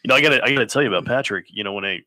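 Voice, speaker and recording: A man co-hosting a casual live racing stream, excitable and gushing with praise. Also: on the low side, racing, dry recording. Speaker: co-host and announcer.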